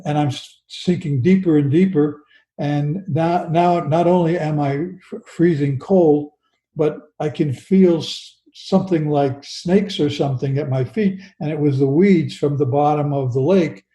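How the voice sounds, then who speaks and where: An older man slowly and earnestly telling a personal story as an interview guest, often restarting his sentences. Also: on the high side, dark tone, roomy sound, rough recording.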